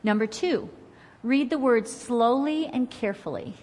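A woman teaching a Bible study class in an earnest, conversational and encouraging way, reading scripture aloud slowly and with emphasis. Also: fairly high pitch, darkish tone, in a large hall.

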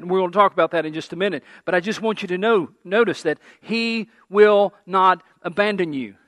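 A male pastor preaching a sermon, repeating key phrases and slowing down to stress scripture, and leading the congregation in call-and-response. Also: sits high, a bit bright, dry recording.

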